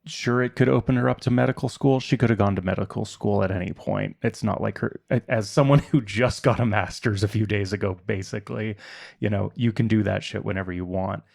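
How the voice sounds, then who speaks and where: A man hosting a podcast, discussing a film deliberately and weighing both sides of an argument. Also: on the low side, fairly even intonation, vocal fry, darkish tone. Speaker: podcast host.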